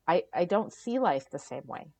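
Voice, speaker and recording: A middle-aged woman guest on a podcast, telling her story in a casual, animated way, often acting out what others said and laughing. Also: on the low side, moderate pace, gravelly, dry recording.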